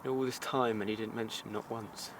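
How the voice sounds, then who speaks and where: A young man playing a gentle, awkward young man who talks softly and rambles sheepishly. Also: on the low side, flat delivery, fairly quick, noisy background, close to an everyday voice. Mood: hurt. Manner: soft-spoken, rambling and sheepish. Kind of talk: naturalistic drama dialogue. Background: loud music soundtrack.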